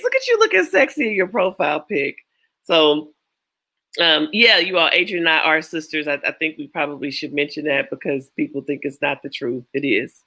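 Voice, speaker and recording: A woman's voice: sits low, sharp tone. A woman hosting a casual panel chat over a video call, playful and joking, often laughing. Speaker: host.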